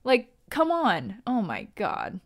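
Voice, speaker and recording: A woman giving a casual fan recap of a TV episode, excited and gushing, with lots of fillers and laughter. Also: mid-range voice, takes it slowly, gravelly.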